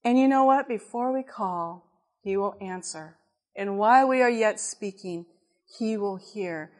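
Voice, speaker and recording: A woman's voice: mid-range voice, unhurried. A woman preaching in a conversational, storytelling way, laughing at times as she tells her story. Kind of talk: storytelling sermon.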